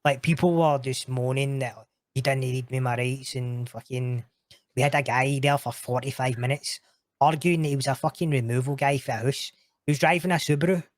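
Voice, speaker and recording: A man's voice: mid-range voice, fairly even intonation, brisk, dry recording, studio quality. A Scottish man chatting casually as a podcast guest, slangy and laughing often, swearing freely. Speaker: podcast guest, roleplay streamer. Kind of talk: casual chat.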